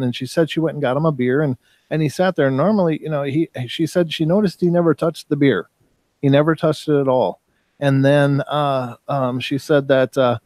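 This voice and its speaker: A man's voice: mid-range voice, darkish tone, no echo. Man telling a story in a dry room. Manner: rambling, repeats words while telling a story. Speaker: talk show participant. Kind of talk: casual storytelling chat.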